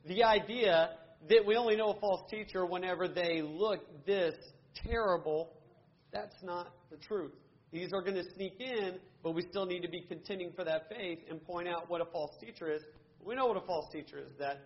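A man's voice: sits high, normal speed, lo-fi sound. A man teaching a Bible study class, earnestly asking questions and answering them himself, with frequent restarts.

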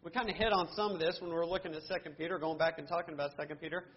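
A man's voice: fairly high pitch, fairly even intonation, very fast, muffled recording. A man teaching a Bible study class, earnestly asking questions and answering them himself, with frequent restarts.

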